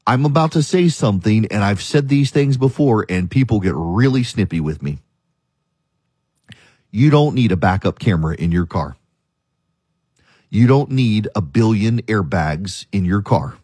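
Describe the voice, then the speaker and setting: A man's voice: fairly low pitch, expressive, unhurried, darkish tone, slightly rough, no room sound, studio quality. A man hosting a radio talk show, arguing his opinions emphatically and hammering the same points again and again. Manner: emphatic, argumentative, repeats points.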